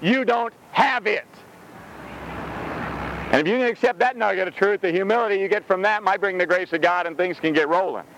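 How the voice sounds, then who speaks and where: A man preaching a sermon outdoors in a rhetorical, animated way, laughing between his points. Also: high voice, brisk, background noise.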